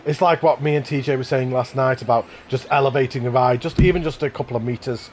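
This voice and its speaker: A man's voice: medium pitch, steady tone, quick pace, noisy background. A man hosting a casual live stream, touring and praising contest park builds with eager, effusive commentary. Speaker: livestream host touring contest parks.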